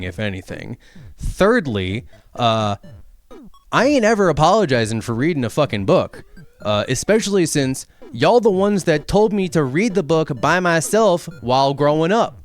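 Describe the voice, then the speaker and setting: A man giving a sarcastic, profane comedic rant, arguing back and forth with imagined hecklers and building to heated indignation. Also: mid-range voice. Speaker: political comedy essayist.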